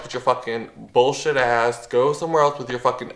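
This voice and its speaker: A man's voice: medium pitch, fairly even intonation, fairly quick, fairly bright tone, reverberant. A man and YouTuber, worked up and swearing, ranting in a commentary vlog. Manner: profane, heated ranting.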